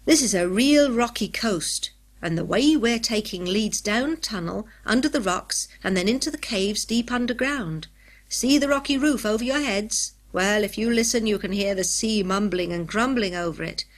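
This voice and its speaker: A woman's voice: medium pitch, normal speed, close to an everyday voice. Folksy old man guiding kids through sea caves, woman narrator doing him, rustic dialect. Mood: folksy, teasing. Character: gruff cheerful old male cave guide.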